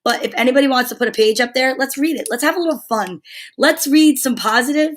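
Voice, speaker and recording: A woman's voice: high voice, fast talker. Chatty older woman talking to her dog. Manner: chatty, affectionate, baby-talks to her dog. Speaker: live stream host. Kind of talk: casual live stream chat.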